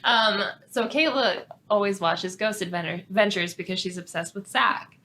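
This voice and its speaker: A young woman co-hosts a podcast in loose, casual chat, full of jokes, laughs and mild swearing. Her voice is bright and sharp at an ordinary pitch. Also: moderate pace. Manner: laughing, swearing, playful asides. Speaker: podcast co-host.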